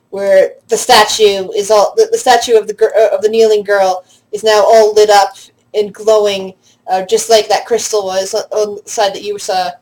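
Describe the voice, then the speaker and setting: A woman narrating a tabletop role-play as game master, halting with frequent restarts. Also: mid-range voice, a little mellow, rough recording. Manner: halting, many restarts and fillers.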